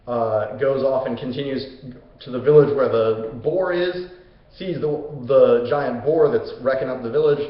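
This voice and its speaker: A young man hosting a comedic, casual retelling of an old myth in a slangy, joking way. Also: medium pitch. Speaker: host. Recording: echoey room, dull lo-fi sound.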